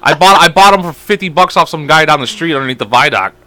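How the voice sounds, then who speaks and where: A young man co-hosting a casual podcast, telling stories in an animated way and swearing a lot. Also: on the high side. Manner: fast, animated storytelling with lots of swearing. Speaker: podcast co-host.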